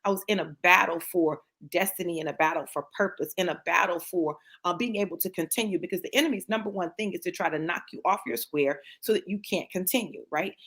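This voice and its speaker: With a voice on the low side yet fairly bright, this motivational speaker, a woman with grandchildren, gives a fervent, sermon-like testimony. She repeats lines for emphasis and keeps checking in with "right?".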